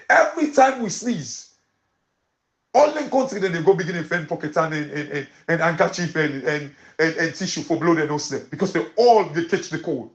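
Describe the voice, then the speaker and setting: Male host, Sierra Leonean Krio accent, fairly high voice, impassioned pidgin-English commentary. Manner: rallying, repetitive exhortations.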